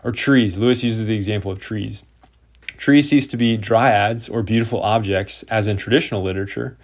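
Man, lowish voice, lecturer, reads quotes, some fillers. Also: steady tone, moderate pace. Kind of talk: lecture on scripture and literature.

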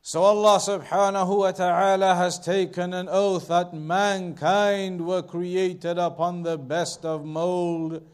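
A man teaching a scripture lesson, explaining each verse in a measured way and repeating key phrases for emphasis. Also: sits high, level tone, clean tone. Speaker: religious teacher.

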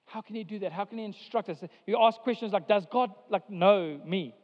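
A man with a fairly high voice preaches a sermon, pushing key phrases with sudden emphasis and stretching others out slowly. The sound is a little dull and lo-fi. Long reverb from the church sanctuary trails behind his words. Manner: preaching with emphatic rises and drawn-out pauses. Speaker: pastor.

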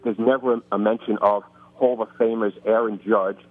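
A man's voice: on the low side, steady tone, moderate pace. Bronx-accented man on a phone line. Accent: New York. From New York, the Bronx. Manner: chatty, self-deprecating, frequent restarts. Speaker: author guest. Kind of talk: casual interview talk.

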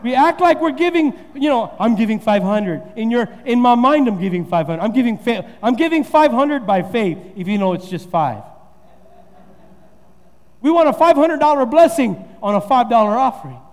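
A man pastor delivers a sermon in a high, ringing voice. He drives points home by repeating phrases and building emphasis. The sound carries the long reverb of a church hall. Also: lively intonation, normal speed, darkish tone. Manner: preaching with rising emphasis and repetition.

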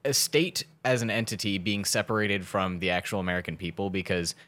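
Rambling, low-pitched young man swearing casually. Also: steady tone, brisk, fairly bright tone. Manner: rambling, swears freely, restarts often. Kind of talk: casual chat.

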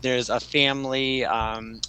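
Bright-voiced man rambling through a story. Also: medium pitch, little pitch movement, slow pace, slight background noise, poor audio. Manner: rambling, many fillers and restarts. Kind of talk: casual chat retelling a story.

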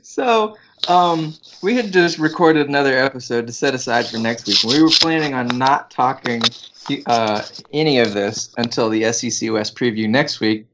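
A man's voice: medium pitch, moderate pace, a bit bright, a little hiss or hum. A man co-hosting a casual sports podcast, joking and laughing often, tripping over his words. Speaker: podcast co-host. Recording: dull lo-fi recording.

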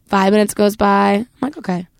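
A young woman co-hosting a podcast, telling a story in a casual, animated way, acting out quotes and saying "like" often. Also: mid-range voice, a little fast, creaky, no room sound. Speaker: podcast co-host.

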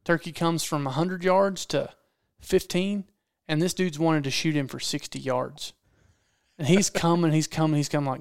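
Man, casual hunting story, animated, repeats lines for punch, slightly high voice, dry close mic. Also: normal speed, clear, resonant tone, no echo. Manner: animated, acts out quotes, repeats phrases for effect. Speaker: podcast guest storyteller, hunting videographer.

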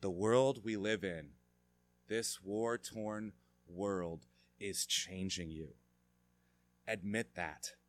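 Low-voiced male preacher, fervent sermon. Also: dry recording. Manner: dynamic preaching, swelling from quiet reflection to fervent emphasis. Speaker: pastor.

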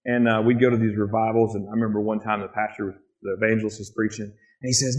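A man preaching a sermon in a church, lively and animated, often acting out excited quotes in a higher voice. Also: fast, few pauses. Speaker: pastor.

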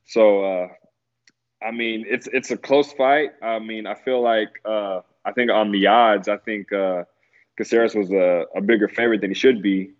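A man's voice: fairly low pitch, fairly even intonation, moderate pace. Laid-back man on lo-fi audio. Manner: laid-back, many fillers, laughs easily. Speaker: guest analyst. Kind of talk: casual podcast chat about fights.

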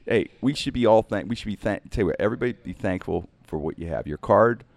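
A middle-aged male host telling a comic story in casual chat. His voice sits fairly low but swings widely in pitch as he acts out the people in it. The sound is close and dry. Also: quick pace, creaky, dry recording. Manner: animated, jokey, acts out other people's lines.

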